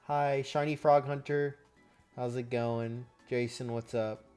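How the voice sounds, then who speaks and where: A man's voice: medium pitch, fairly even intonation, slow pace, darkish tone, smooth, soft background music. A man hosting a casual live stream, chatting with viewers and reacting as he goes.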